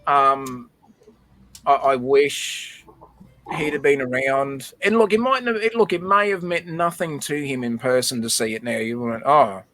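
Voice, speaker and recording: A man's voice: medium pitch, a little slow, a bit bright, no echo. Man telling a heartfelt story. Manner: emotional storytelling, repeats words. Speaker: livestream host. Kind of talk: casual chat.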